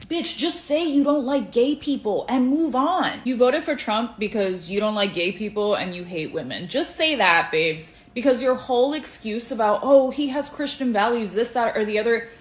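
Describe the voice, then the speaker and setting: Sassy profane woman, slightly high voice, roomy echo. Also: lively intonation, normal speed, few pauses. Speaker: social media commenter. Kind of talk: sassy rant.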